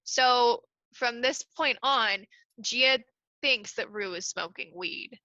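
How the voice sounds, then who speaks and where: Woman podcast co-host, bright voice, animated, dry slightly dull recording. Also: fairly high pitch, slow, dry recording. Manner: animated, gushing, lots of "like". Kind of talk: casual chat recapping a TV episode.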